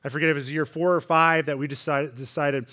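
A man preaching a sermon as a guest pastor, telling stories in an animated way and acting out voices. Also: a little high, fast talker. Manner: animated storytelling with acted-out voices. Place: church sanctuary.

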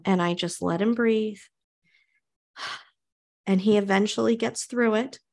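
A woman hosts a conversational podcast in a calm, reflective manner. She speaks at an ordinary mid-range pitch and often repeats key phrases for emphasis. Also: unhurried, vocal fry. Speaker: podcast host.

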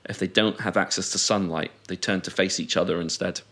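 A man from the UK co-hosting a podcast in casual chat, relaxed and swearing freely. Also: sits low, a little fast. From United Kingdom. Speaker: podcast co-host.

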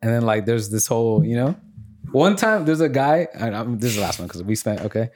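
A young man chatting casually on a podcast, telling stories and acting out quotes in high voices. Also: a little fast, soft background music. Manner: animated storyteller, acts out quotes in high voices. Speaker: podcast host. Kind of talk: casual chat.

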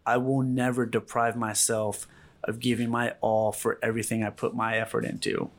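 A man's voice: mid-range voice, level tone, normal speed. A man hosting a podcast, earnest and motivational, acting out quotes in his stories. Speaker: podcast host. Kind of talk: casual podcast chat.

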